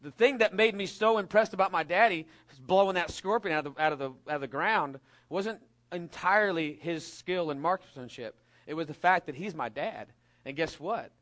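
A middle-aged man from California preaching a sermon, telling a lively story with jokes and acting out the voices of the people in it. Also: on the high side, moderate pace. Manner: storytelling, animated and jokey, acts out voices. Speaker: pastor.

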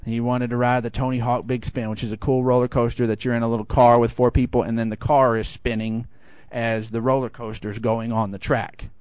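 A middle-aged man preaching a sermon, telling a lively personal story and swinging high for the quoted voices. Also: fairly quick, hardly any pauses, smooth, no echo. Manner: animated storytelling, rising high for acted quotes. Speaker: pastor.

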